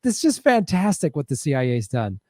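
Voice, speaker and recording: A man's voice: a little high, huge pitch swings, a little fast, darkish tone, no echo, studio quality. A man co-hosting a podcast, reading facts with sarcastic, profane, mock-cheerful asides in casual comedic chat. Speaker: podcast co-host.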